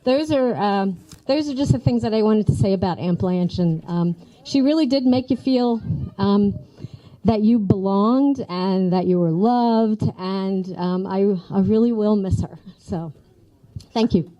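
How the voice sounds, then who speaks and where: A woman's voice: medium pitch, unhurried, mellow, dull audio. A woman in her fifties, the late woman's niece, giving a personal eulogy full of fond stories and laughing at her memories. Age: 50s.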